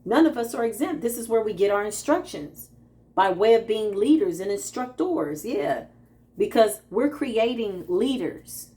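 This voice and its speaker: Woman, spiritual practitioner, casual talk to viewers, animated, playful. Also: on the high side. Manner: animated, laughing, quotes herself in playful asides.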